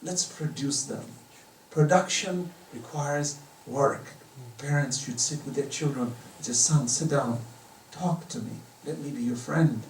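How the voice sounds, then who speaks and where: A man's voice: medium pitch, a little slow, slight background noise. A middle-aged man giving an impassioned religious lecture in a private home, pressing his points with emphatic rising questions. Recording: roomy echo, distant from the mic.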